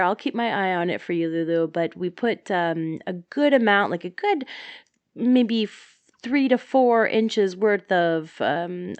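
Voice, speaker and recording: A gardening co-host with a low, gravelly voice chats loosely through her methods, trailing into "um" and restarting her sentences. The sound is dry and close, with no room around it. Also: dry recording. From Southwestern Quebec. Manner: explains with many fillers and restarts. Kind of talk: casual podcast chat.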